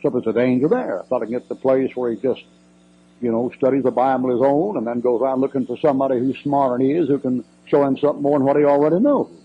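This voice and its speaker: A man's voice: mid-range voice, steady tone, fast, slight background noise. An older man, a preacher answering questions in a church Q&A, folksy, blunt and emphatic with joking asides, on a muffled old cassette recording.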